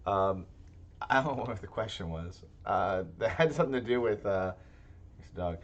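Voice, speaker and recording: A man's voice: fairly low pitch, highs cut off. Rambling man chatting on a podcast. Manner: rambling, self-interrupting. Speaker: podcast co-host. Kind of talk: casual chat.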